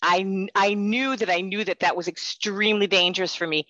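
A woman's voice: medium pitch, normal speed, few pauses, pushed and bright, no echo, dull audio. A woman sharing a personal faith testimony in earnest, rambling storytelling.

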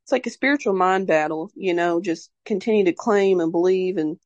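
A woman's voice: fairly low pitch, a little fast, a little mellow, no echo, muffled recording. A young woman telling a personal story in a casual, rambling way, full of "like" and fillers, emotional and devout in tone. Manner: rambling, heavy use of "like" and fillers; openly emotional and religious in tone. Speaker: mother sharing her birth story.

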